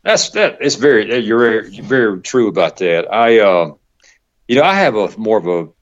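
A middle-aged man with a thick Georgia drawl talks loosely in an interview, circling his points with fillers and chuckling often. His voice sits low. The recording sounds dull and lo-fi. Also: big pitch swings, moderate pace. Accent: Southern US (Georgia). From Georgia, US South. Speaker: guest. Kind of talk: casual interview chat.

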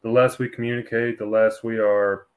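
A man talks as a guest in a relaxed conversation. He speaks calmly and reflectively, in a voice of ordinary pitch. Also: moderate pace, low-quality recording. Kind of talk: casual chat.

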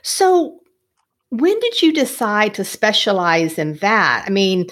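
A woman's voice: medium pitch, big pitch swings, slow, a bit bright. A woman hosting an interview, asking friendly, curious questions. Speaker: interviewer host. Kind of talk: casual interview.

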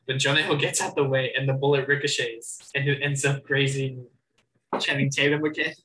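A young man chatting casually about movies, chatty, with lots of restarts and quick asides. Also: mid-range voice, steady tone, pushed and bright, a little hiss or hum, low-quality recording.

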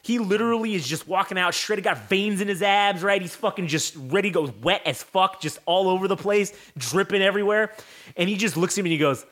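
A man's voice: sits high, brisk. A young man hosting a podcast, telling a long story in a casual, profane way and acting out voices as he goes. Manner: animated, profane, acts out voices in his story. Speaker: podcast host.

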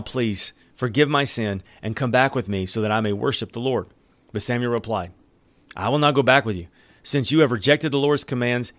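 A man preaching a sermon, reading scripture aloud and commenting on it in an earnest, emphatic way with dramatic pauses. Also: mid-range voice, a bit bright, no room sound. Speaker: pastor.

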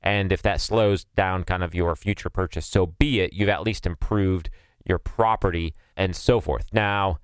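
A man's voice: low-pitched, measured pace, smooth, dry recording. A man, co-hosting a money podcast, giving advice in a casual chat and thinking aloud with lots of fillers. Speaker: podcast co-host.

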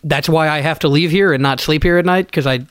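A man's voice: fairly high pitch, fast talker, clear, resonant tone, no echo, studio quality. A man co-hosting a casual comedy podcast, playful and argumentative, swearing freely. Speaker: podcast co-host.

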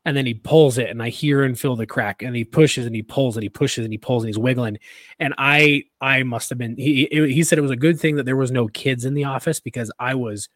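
A man co-hosting a podcast, telling a story in a casual, animated, rambling way full of restarts and laughter. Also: mid-range voice, fairly quick, no room sound. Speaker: podcast co-host.

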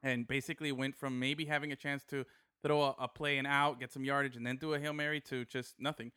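A man co-hosting a casual sports chat, telling a game story in an animated way and laughing often. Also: mid-range voice, fairly quick, clean tone, dry recording, clean studio sound. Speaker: podcast co-host, sports photographer.

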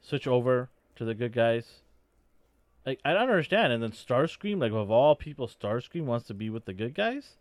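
A man's voice: medium pitch, big pitch swings, moderate pace, no room sound. A man in a casual fan discussion, opinionated and rambling as he builds his points.

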